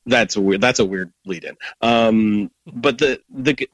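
A man's voice: fairly low pitch, measured pace, dry recording, low-quality recording. A man guest-hosting a music podcast, talking eagerly and searching for words as he describes songs. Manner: enthusiastic, searching for words, many restarts. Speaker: guest co-host. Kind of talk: casual music chat.

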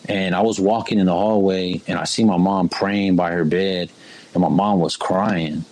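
A man's voice: low voice, fairly even intonation, moderate pace, a little mellow, rough recording. A young man telling his life story in a casual, slangy way, keeps saying "bro". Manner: laid-back street slang, keeps saying "bro" and "you know what I mean". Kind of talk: casual spoken testimony.

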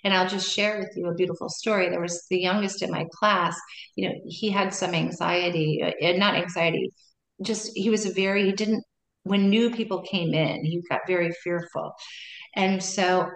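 A woman's voice: lowish voice, steady tone, moderate pace. A middle-aged woman, a meditation and yoga teacher, chatting casually as a guest in loose, trailing sentences full of restarts. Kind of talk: casual interview chat. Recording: roomy echo.

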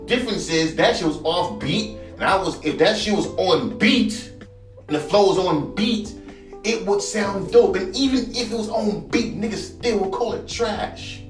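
Male podcast host with a heated, profane, repetitive rant; lively delivery, roomy echo. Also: sits high. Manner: heated and profane, repeats himself. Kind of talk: ranting monologue.

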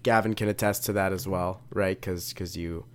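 A man's voice: low voice, steady tone, moderate pace. A man co-hosting a podcast, chatting casually and telling rambling stories full of fillers, with a lingering cough. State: has a cough from a chest infection. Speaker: podcast co-host. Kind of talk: casual chat.

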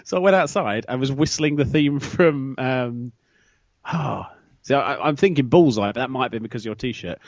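A man's voice: medium pitch, moderate pace, no echo. A man co-hosting a podcast, chatting casually in a rambling, teasing way. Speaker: podcast co-host. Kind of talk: casual chat. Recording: dry, dull lo-fi recording.

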